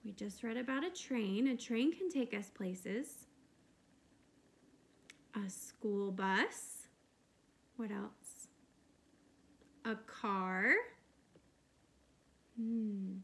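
A woman kindergarten teacher giving a video lesson to young children, talking clearly and encouragingly. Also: mid-range voice, very slow, long pauses.

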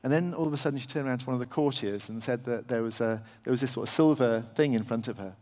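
A middle-aged English man tells a live anecdote to a festival crowd. He talks in a halting, self-deprecating way, with many fillers and restarts. His voice sits mid-pitch and rings with the long reverb of a big hall. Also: a little mellow. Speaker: surgeon telling a story on stage. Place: large festival venue with audience.

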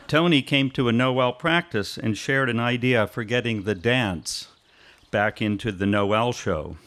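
Man sharing a memory at a memorial. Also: fairly low pitch. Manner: steady, reflective storytelling. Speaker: longtime family friend speaking at a memorial. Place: church.

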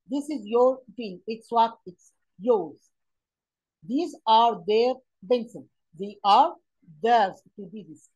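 A woman's voice: on the high side, dark tone, slightly rough, low-quality recording. A woman teaching an English grammar lesson online, explaining step by step with many fillers and questions to the pupils.

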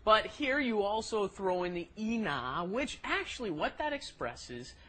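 A co-host explaining grammar with enthusiasm in a casual language lesson podcast. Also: male voice, sits high, sing-song, measured pace, sharp tone.

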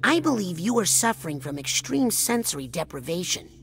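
A woman's voice: lowish voice, sing-song, a little fast, vocal fry. A woman voicing an earnest, polite young psychic boy in a video game, talking in a matter-of-fact, kindly way. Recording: game audio with music behind.

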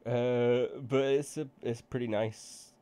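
A man's voice: medium pitch, steady tone, unhurried, warm tone, clear, resonant tone. A man narrating as game master of a tabletop game, joking and rambling with self-corrections.

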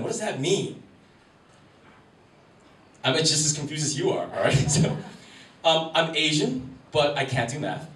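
A man in his 30s from Wisconsin, USA, with a slightly high, fairly bright voice, rambles through self-deprecating stand-up at a comedy club. It's a roomy live recording made on a distant mic, carrying crowd ambience, room noise and the audience.

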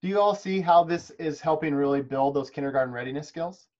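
A man presents a webinar over a video call, teaching preschool educators how to teach chess in a friendly, encouraging, practical way. His voice is a little high and brisk, with a darkish tone, and the video call microphone makes the recording sound muffled.

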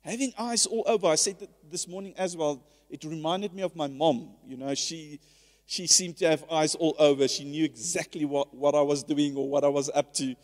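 A man's voice: on the high side, steady tone, moderate pace. A man preaching a sermon in a church, earnest and conversational, often restarting his phrases. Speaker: pastor. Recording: church hall with long reverb.

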